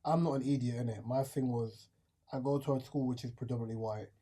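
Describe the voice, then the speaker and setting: A man's voice: medium pitch, fairly even intonation, fast, mellow, husky. A man hosting a podcast, chatting in slangy banter and wrapping up the episode. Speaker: podcast host. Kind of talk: casual chat and show sign-off.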